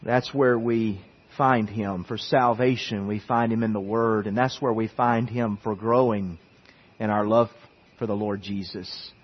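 A male pastor delivers a relaxed, storytelling sermon, often restarting his sentences and turning to the congregation. His voice is somewhat husky. The recording is dull and lo-fi, with a long hall reverb behind him. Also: on the low side, measured pace. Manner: conversational, many restarts and asides to the congregation.

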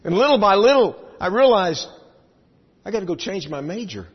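Animated storytelling preacher in a hall. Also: male voice, high-pitched, normal speed, husky. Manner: animated storyteller, swings from loud excited to hushed. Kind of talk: sermon with storytelling. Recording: dull sound in a large reverberant hall.

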